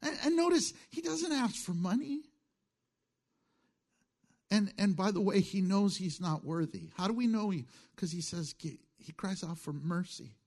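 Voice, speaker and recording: A middle-aged male pastor preaching a sermon in a conversational way, moving between hushed asides and emphatic lines, chuckling at his own jokes. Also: sits high, animated, unhurried.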